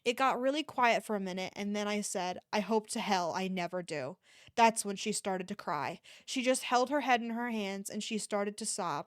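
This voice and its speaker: A woman streamer reading a novel aloud in a low, quiet voice, with occasional stumbles and restarts, into a close microphone at home. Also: dry recording. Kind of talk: casual read-aloud of a novel.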